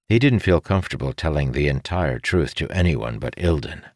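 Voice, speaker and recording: A man narrating a fantasy audiobook in a steady, expressive reading. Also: rumbling low, a little slow, few pauses, slightly rough, no room sound, clean studio sound.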